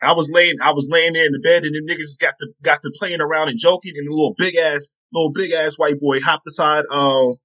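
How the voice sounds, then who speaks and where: A man telling profane, animated stories in a casual chat. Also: a little high, a little fast, few pauses, rough recording.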